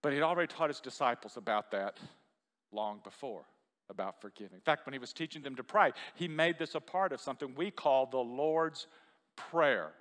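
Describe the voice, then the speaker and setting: Speaking at a moderate pace, a man with a medium-pitched, slightly bright voice delivers a sermon in a church hall. The pastor's tone is conversational as he throws questions to his congregation, and the space sounds large.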